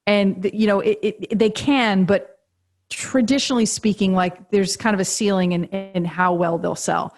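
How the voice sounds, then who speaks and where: A woman's voice: mid-range voice, fairly even intonation, normal speed, a little mellow. A woman guest on a podcast interview, telling a story animatedly, laughing often and acting out quoted dialogue. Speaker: guest, agency co-founder and author. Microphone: podcast remote call.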